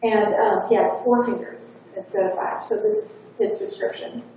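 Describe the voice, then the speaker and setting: A woman's voice: medium pitch, steady tone, normal speed, dark tone. A woman hypnotherapist giving a conference talk, chatting her way through a client's session story. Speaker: hypnotherapist speaker. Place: conference hall. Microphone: faulty wireless lapel mic. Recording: echoey hall, distant mic, faint hiss.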